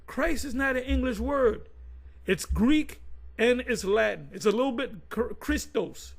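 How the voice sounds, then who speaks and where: A man's voice: high-pitched, moderate pace, poor audio. A man giving informal religious commentary to his viewers, reading definitions aloud and explaining them in a conversational way that often repeats itself.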